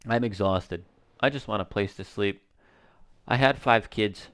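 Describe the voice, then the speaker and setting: A worn-out mother at the end of her strength, read aloud by a man. The delivery is weary and flat, without much lift. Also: on the low side, a little slow, clear, resonant tone. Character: worn-out middle-aged mother, woman. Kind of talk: reading game dialogue aloud.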